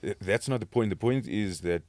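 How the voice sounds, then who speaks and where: A man's voice: on the low side, normal speed, darkish tone, no echo. A man hosting a podcast, reflective and searching for his words. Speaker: podcast host. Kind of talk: conversational podcast.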